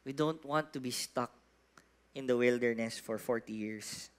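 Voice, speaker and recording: A man with a Filipino accent, preaching a sermon in church, animated and asking the congregation questions, moving between soft and loud. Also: mid-range voice, moderate pace, smooth. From Philippines. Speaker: pastor.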